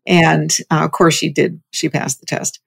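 Gravelly-voiced woman telling a story. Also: sits low, flat delivery, normal speed. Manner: frequent restarts and repeated words. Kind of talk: casual conversational storytelling.

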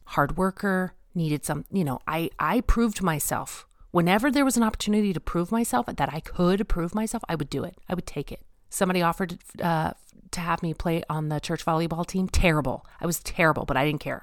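A woman's voice: fairly low pitch, dry recording, studio quality. A woman giving a personal faith testimony, talking earnestly to her listeners and stressing points through repetition. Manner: addresses listeners directly. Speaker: speaker sharing her faith story.

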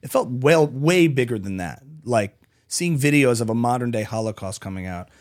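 A man talking as a guest on a casual podcast. He rambles in an animated way, backing up and restarting sentences as he goes. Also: medium pitch, moderate pace. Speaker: comedian guest.

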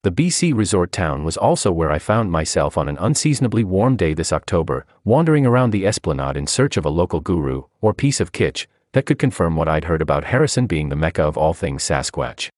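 A man reading a feature article aloud as scripted narration, in an expressive storytelling manner. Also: sits low, no room sound, clean studio sound.

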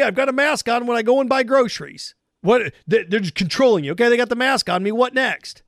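A man with a high, bright voice hosts a sports talk monologue, sarcastic and mocking, with animated rants. The recording is dry and close to the mic, with no room sound.

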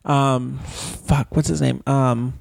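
A man's voice: medium pitch, level tone, slow pace, creaky. A man co-hosting a casual movie podcast, rambling and searching for words as he tells stories. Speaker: podcast co-host. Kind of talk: casual chat.

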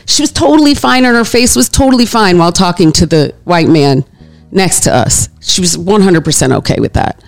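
A woman telling a personal story in an animated way, acting out the voices of the people in it. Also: fairly low pitch, fairly quick, vocal fry, soft background music. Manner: animated, acts out quoted voices. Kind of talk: emotional storytelling.

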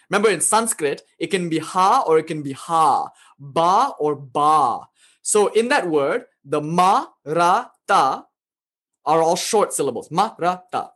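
A man giving an informal lecture on spiritual ideas, speaking conversationally and often adding "you know" and small chuckles. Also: a little high. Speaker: spiritual teacher.

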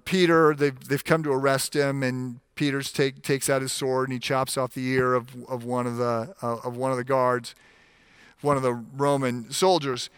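A man preaching a sermon, animated, acting out the voices in the scripture stories as he goes. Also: medium pitch, smooth, dry recording, studio quality. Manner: frequent restarts and fillers while explaining. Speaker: pastor.

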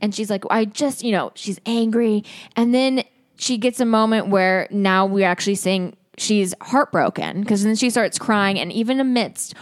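A woman's voice: medium pitch, moderate pace, no room sound, studio quality. A young woman co-hosting a podcast, chatting casually and acting out quotes, saying "like" a lot. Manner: chatty, heavy use of "like", acts out quotes. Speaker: podcast co-host. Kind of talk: casual chat recapping a reality show. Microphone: podcast mic.

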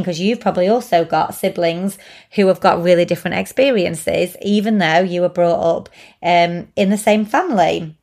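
Gentle, reflective woman speaking. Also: medium pitch. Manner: gentle, thoughtful, repeats words for emphasis. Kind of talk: reflective talk to camera.

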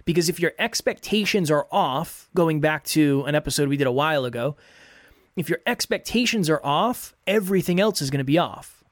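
A man's voice: fairly high pitch, lively intonation, brisk, dry recording, studio quality. A man hosting a podcast, giving earnest, repetitive motivational coaching advice in a solo talk.

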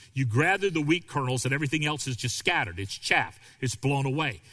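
A male pastor preaching a sermon, animated and acting out quoted voices. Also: on the high side, in a large hall.

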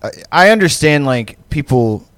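Podcast co-host, man, rambling casual storyteller with a lively, up-and-down pitch and a dry, close sound. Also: normal speed, no echo. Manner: rambling, profane, lots of fillers; laughs often. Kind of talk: casual chat.

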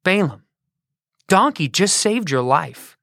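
The stern, commanding voice of God from a storybook, low and grave, as a woman acts it out. It moves slowly, and the sound is dry and close. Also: big pitch swings, a bit bright, no echo, exaggerated voice.

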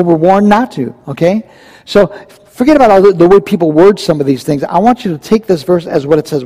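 A man's voice: sits high, warm tone. Preaching man in a reverberant hall. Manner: emphatic, conversational, asks rhetorical questions. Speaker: pastor. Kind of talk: verse-by-verse sermon. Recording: long reverb from a large hall.

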